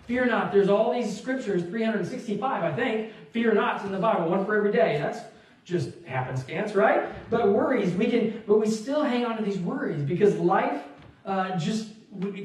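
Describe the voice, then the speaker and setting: A man in his thirties preaching a sermon in a church, telling a personal story in an animated way and acting out what people said. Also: high-pitched, normal speed. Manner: animated storytelling, acts out quotes, laughs along. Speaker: pastor. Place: church sanctuary. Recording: very echoey church hall, distant mic.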